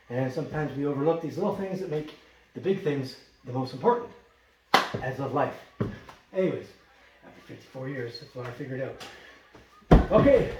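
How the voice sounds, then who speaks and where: A man in his fifties with a fairly high voice talks viewers through his job in a chatty, joking way. He sounds far from the mic in a bare, echoing room. Loud work noise clatters behind him throughout. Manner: talks to himself and viewers while working, joking. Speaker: drywall installer. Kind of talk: chatty work-along tutorial. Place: bare room under construction.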